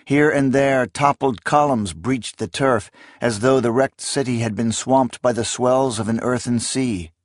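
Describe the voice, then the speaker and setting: A man reading fantasy narration aloud in a solemn, deliberate manner. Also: mid-range voice, no echo, studio quality. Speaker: audiobook narrator.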